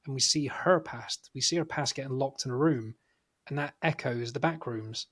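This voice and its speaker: A man co-hosting a film review podcast, speaking at a medium pitch. He talks in an animated, casual way and swears freely while telling stories. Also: normal speed, husky. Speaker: podcast co-host.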